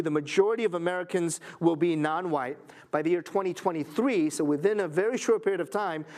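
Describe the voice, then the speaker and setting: A man lecturing a church audience, earnest and emphatic, with wry asides. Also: high voice. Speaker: lecturer at a Christian school.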